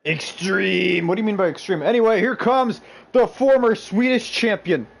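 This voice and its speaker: A man's voice: high voice, normal speed, vocal fry, low-quality recording. A man streaming a wrestling video game, calling the action in a bombastic mock announcer voice and bantering with the chat.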